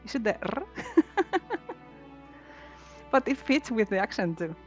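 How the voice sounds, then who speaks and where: A woman's voice: mid-range voice, expressive, measured pace. Giggly woman streaming a game. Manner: giggly, chatty, restarts words. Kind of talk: casual game stream chat. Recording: slightly dull lo-fi mic. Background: faint background music.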